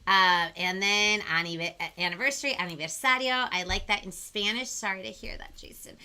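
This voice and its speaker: A woman's voice: medium pitch, moderate pace, bright, forceful tone, clear, resonant tone. A young woman hosting a bilingual children's live-stream lesson, bubbly and sing-song, talking straight to her viewers. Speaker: children's show host.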